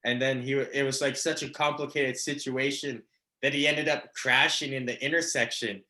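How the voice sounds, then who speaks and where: A man's voice: mid-range voice, fairly even intonation, normal speed, bright, forceful tone. Rambling man doing stand-up. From Canada. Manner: rambling, filler-heavy, laughing at own jokes. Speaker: stand-up comedian. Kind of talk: stand-up comedy set.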